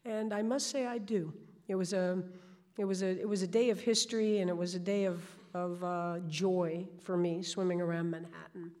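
A woman tells a story as a guest. Her delivery is animated, and she often restarts her sentences. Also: on the low side, moderate pace. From New York. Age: 60s.

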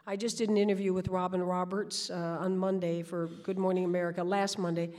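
Animated New woman in her sixties. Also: lowish voice, brisk. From New York. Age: 60s. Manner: animated, with frequent restarts. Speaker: guest. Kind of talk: storytelling.

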